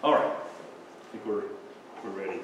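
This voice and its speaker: Male pastor, children's message, chuckling, halting with fillers, very echoey church, distant mic. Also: fairly low pitch, highs cut off, a little hiss or hum. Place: church sanctuary.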